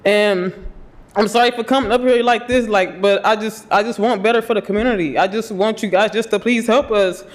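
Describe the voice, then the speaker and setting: A young man in his twenties speaks at a podium microphone in a city commission chamber, his voice pitched very high. He is crying and talks in a halting, nervous way, pleading with the officials. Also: fairly even intonation. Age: 20s. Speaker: public commenter. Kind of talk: public comment at a city meeting.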